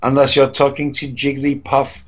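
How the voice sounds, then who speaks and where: A man's voice: mid-range voice, monotone, normal speed, highs cut off, a crowd in the background. A man hosting a mock-serious comedy news show, rambling and stammering as he improvises.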